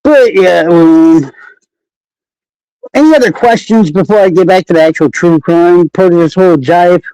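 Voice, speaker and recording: A man's voice: sits high, normal speed, warm tone, smooth, no room sound, low-quality recording. A man talking casually and sarcastically to viewers on a live stream, rambling and cursing. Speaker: true crime streamer.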